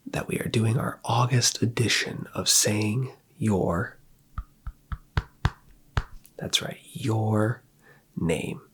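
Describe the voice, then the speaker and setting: Breathy whispering man, ASMR. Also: fairly low pitch. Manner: slow soft whispering, gentle and playful. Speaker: ASMR creator.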